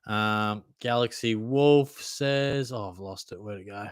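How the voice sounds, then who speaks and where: Laid-back Australian bloke, lower voice, dry sound. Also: male voice, takes it slowly, smooth, dry recording. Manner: laid-back, blokey, calls everyone mate, swears freely. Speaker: fantasy football livestream host. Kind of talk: casual livestream Q&A reading chat.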